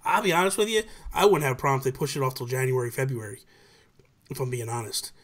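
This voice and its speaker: A man hosting a podcast, chatting casually and animatedly with slangy asides and phrases that trail off softly. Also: mid-range voice, expressive, quick pace, crowd noise. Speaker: podcast host. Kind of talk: casual chat.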